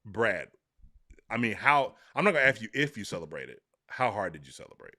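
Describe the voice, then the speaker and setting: A man co-hosting a casual sports podcast, teasing and excitable in a playful way. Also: on the low side, a little fast, dry recording, studio quality. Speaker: podcast co-host.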